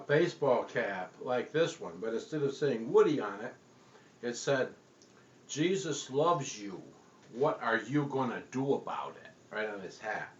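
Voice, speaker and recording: A man telling a comic story in a deadpan, halting way, with frequent pauses, in an echoey room with dull, lo-fi sound. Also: medium pitch.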